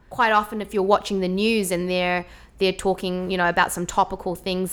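Woman, New Zealand accent, casual interview guest, lively, quick laughs. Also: mid-range voice, clean tone.

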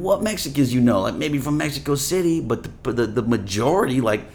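A man talking as an actor guest in a casual interview, rambling with many "you know" fillers and animated storytelling. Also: medium pitch, fast talker, hardly any pauses. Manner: animated storytelling, voices his grandfather.

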